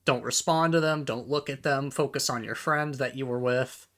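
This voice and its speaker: This man speaks at a normal pace with a medium, fairly bright voice while hosting a reaction video. Exasperated, he rants in casual commentary, swears heavily, and trips over repeated words as he reads posts aloud to himself.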